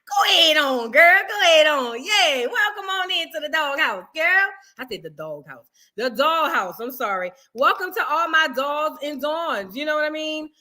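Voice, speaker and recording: Bright high-voiced New Orleans woman. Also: moderate pace, hardly any pauses. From New Orleans, Louisiana. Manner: animated, playful, calls viewers boo and girl. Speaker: livestream host. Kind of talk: casual livestream chat greeting viewers.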